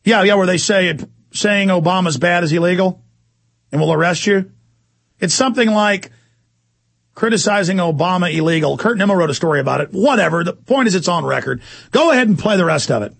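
A man's voice: high voice, lively intonation, a little fast, vocal fry, a bit bright, dry recording. A man hosting a political talk show, ranting heatedly with sarcastic asides. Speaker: talk radio host.

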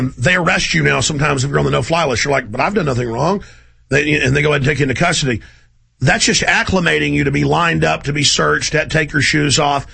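A middle-aged man hosting a radio talk show, ranting intensely and rapidly in a conspiratorial tone. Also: fairly high pitch, creaky, sharp tone, breathy edge.

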